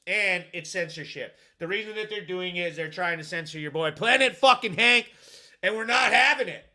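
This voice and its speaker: A man with a high, bright voice hosts a live show. He talks in a hyped, rambling, foul-mouthed way, reacting to chat and reading out fight headlines. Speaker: podcast host; video editor. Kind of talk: live-stream commentary.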